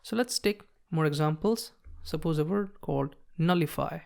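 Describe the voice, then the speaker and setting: Lowish woman teaching shorthand step by step. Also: moderate pace, gravelly, darkish tone. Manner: patient, explains while writing, frequent "okay, so see". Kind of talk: step-by-step tutorial.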